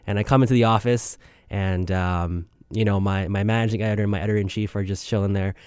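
Young male podcast host, lowish smooth voice, rambling and self-deprecating, close dry mic. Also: fairly even intonation, fast, a little mellow, dry recording. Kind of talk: casual spoken intro.

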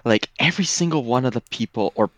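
A man's voice: medium pitch, animated, fast talker, fairly bright tone. A man co-hosting a casual movie podcast, hesitant and searching for words. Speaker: podcast co-host. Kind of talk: casual movie review chat.

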